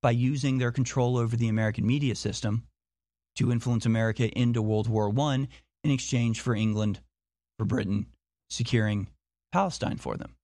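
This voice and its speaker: A man's voice: medium pitch, steady tone, normal speed, darkish tone, no room sound. Insistent man, dry close sound. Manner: insistent, repeating rhetorical questions; restarts and stumbles often. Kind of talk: monologue commentary.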